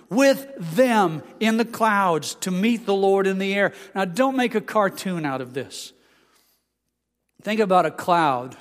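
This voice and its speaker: A pastor giving a sermon, explaining scripture and reading passages aloud. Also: male voice, high voice, lively intonation, a little slow, long reverb tail. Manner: expository preaching, reads scripture aloud.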